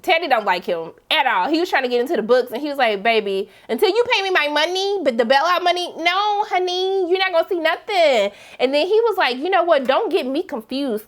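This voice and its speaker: A woman giving a sassy, dramatic TV episode recap in casual slang, acting out characters' lines. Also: a bit bright. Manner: sassy, dramatic, voices characters with big pitch jumps. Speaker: TV recap vlogger.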